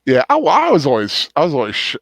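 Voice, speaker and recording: A man's voice: fairly high pitch, huge pitch swings, fast talker, a bit bright, no echo. A young man hosting a livestream in casual, joking chat, often slipping into silly voices. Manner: playful, jokey, drifts into mock whispers and silly voices. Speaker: livestream host.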